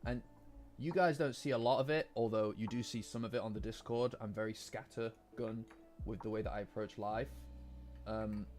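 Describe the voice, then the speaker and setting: Low-voiced man chatting on a stream. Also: fairly even intonation, normal speed, darkish tone. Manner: rambling, joking with chat, swears casually. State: lingering cough. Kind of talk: casual live-stream chat. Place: cold room at home. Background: faint lo-fi music.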